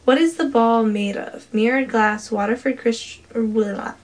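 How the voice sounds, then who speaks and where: A woman casually quizzing a friend on holiday trivia, playful and quick to laugh. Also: on the high side. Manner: playful, laughs often, tries out foreign words. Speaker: trivia quiz partner. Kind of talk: casual chat.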